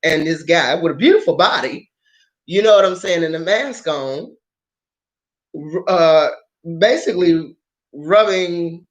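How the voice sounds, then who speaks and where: A woman vlogger telling a story in a casual, animated way, swearing freely. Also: fairly low pitch, unhurried, long pauses. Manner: animated, profane, laughs often.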